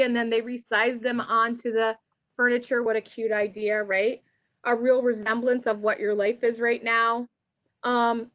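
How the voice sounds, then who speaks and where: A woman with a high, bright-sitting voice runs a relaxed online workshop for teachers. She talks in a chatty, upbeat way and keeps checking in with her listeners. The sound is dull and lo-fi, like a web call. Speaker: teacher trainer. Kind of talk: casual online workshop presentation.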